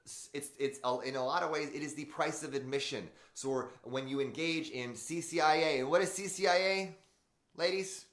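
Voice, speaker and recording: Wearing a back brace and in pain, a motivational show host talks directly to his livestream viewers in an emphatic, unscripted way, swearing as he goes. His voice is on the high side and fairly bright, at normal speed, with a roomy echo around it.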